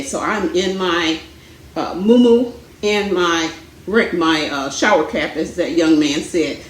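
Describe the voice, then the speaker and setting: A woman's voice: lowish voice, expressive, unhurried, roomy sound, rough recording. A woman vlogging from home in a chatty, rambling way, out of breath. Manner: chatty, rambling, many fillers. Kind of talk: casual chat. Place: home, indoors.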